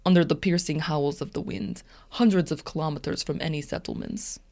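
A woman's voice: sits low, fairly even intonation, fairly quick, vocal fry, darkish tone. A woman doing a wistful Russian hiker. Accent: put-on Russian. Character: wistful male Russian hiker writing a diary.

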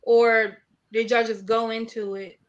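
A woman's voice: on the high side, level tone, a little slow, lo-fi sound. A woman co-hosting a podcast who asks probing questions in a casual way. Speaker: podcast co-host.

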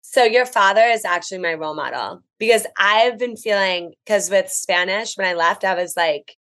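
An American woman, a travel writer guesting on a podcast, telling stories in a chatty, animated, enthusiastic way. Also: medium pitch, normal speed. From United States. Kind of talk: casual podcast chat.

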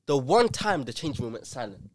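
A man's voice: mid-range voice, moderate pace, no room sound, clean studio sound. A young man telling a story on a podcast and insisting his mates let him finish. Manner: animated storyteller. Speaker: podcast co-host. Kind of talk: casual banter.

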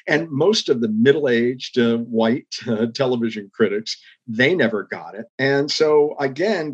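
A man's voice: medium pitch, breathy edge, muffled recording. An older man, a former public television executive, telling stories in an interview with earnest, reflective emphasis. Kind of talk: storytelling interview.

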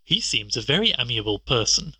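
A man voicing a calm, sharp-witted detective who speaks in a bland, dryly amused way, with a husky voice. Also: medium pitch, brisk, dry recording, full character voice. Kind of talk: audiobook character reading.

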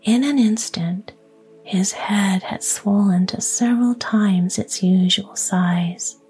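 A woman reads a fairy tale entirely in a whisper. Her voice is breathy, mellow and very unhurried, with soft music underneath. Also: mid-range voice. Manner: whispers throughout. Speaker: storyteller.

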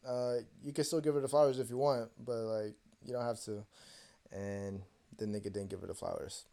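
A young man co-hosting a podcast, telling a personal story in a casual, profane and animated way and acting out the other voices. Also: fairly low pitch, brisk, gravelly. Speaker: podcast co-host.

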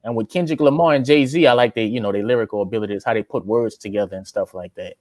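A man's voice: on the low side, quick pace, a little mellow, no echo. A young man with a Louisiana accent, chatting casually as an interviewee, laid-back and drawling, often calling the listener man or brother. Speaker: interviewee, aspiring rapper.

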